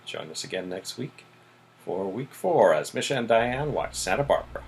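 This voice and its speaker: A man's voice: lowish voice, normal speed, slightly rough, poor audio. A man co-hosting a podcast, casually recapping TV episodes and filling in with "mm-hmm". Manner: relaxed, plot-summarizing, frequent "mm-hmm" and "so". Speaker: podcast co-host.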